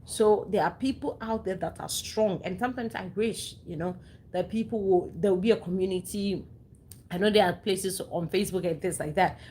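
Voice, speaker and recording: A woman's voice: mid-range voice, a little mellow, a little hiss or hum. A young adult woman speaking earnestly and emotionally to her listeners, repeating phrases and restarting sentences as she shares a personal story. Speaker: host sharing a personal story. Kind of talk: heartfelt personal talk to listeners.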